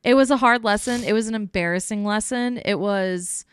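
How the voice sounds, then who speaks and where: Smooth-voiced woman telling lively stories. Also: mid-range voice, moderate pace. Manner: lively storyteller who acts out quoted voices. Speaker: professional baker, guest. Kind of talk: casual interview chat.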